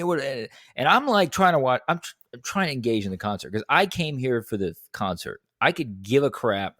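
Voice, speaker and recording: A young man tells a story on a podcast, his pitch swinging widely as he jumps into the voices of the people in it. The sound is dry and close, with no room around it. He talks casually and keeps the story moving. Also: brisk, hardly any pauses, no room sound. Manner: animated, acts out quotes in a higher voice. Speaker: podcast co-host.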